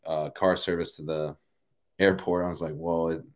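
A man in his thirties with a notably deep, low voice, recounting a memory in casual interview chat. He talks loosely, with plenty of "like" and "you know" as he goes. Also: normal speed. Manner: relaxed, rambling, many fillers like "you know" and "like". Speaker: professional baseball player, guest.

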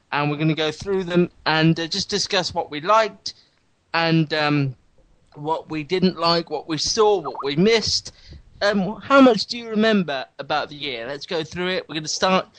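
A man's voice: a little high, a bit bright, no room sound, poor audio. A man hosts a casual podcast with a slightly raised voice. He talks in a wry, rambling way and gets enthusiastic about shows. The sound is dry and close. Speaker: podcast host.

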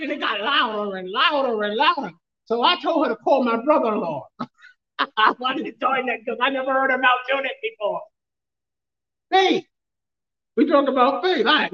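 A man with a high voice preaches a sermon, mixing funny stories and laughter with shouted questions to his congregation. The sound is roomy and a little muffled, as if taken from the back of a church. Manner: storytelling, humorous, laughs often. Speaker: pastor.

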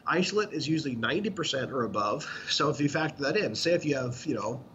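A man's voice: mid-range voice, animated, fast talker, fairly bright tone. A man co-hosting a podcast in casual chat, explaining bluntly with lots of profanity. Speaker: podcast co-host. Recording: dull lo-fi sound with faint noise.

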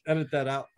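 A man, a veteran motorcycle club member on a podcast, telling stories casually, swearing often and acting out what others said. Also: heavy background noise. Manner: profane, acts out quoted dialogue with shifting pitch. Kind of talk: casual storytelling.

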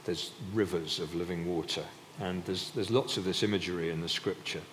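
This sermon comes from a man whose low-pitched voice is brisk and a bit bright. He talks conversationally, often restarting sentences and using filler, and the church hall recording carries reverb and faint background noise.

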